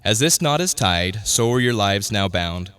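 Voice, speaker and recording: A man officiating a wedding in a measured, formal and solemn way. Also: fairly low pitch, animated, fairly bright tone, clear, resonant tone, faint music behind. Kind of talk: ceremonial officiating.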